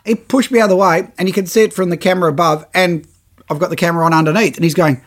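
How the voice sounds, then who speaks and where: A man telling a fishing story in a lively way, acting out his own quotes with big jumps in voice. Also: on the high side, fast. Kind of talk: animated anecdote.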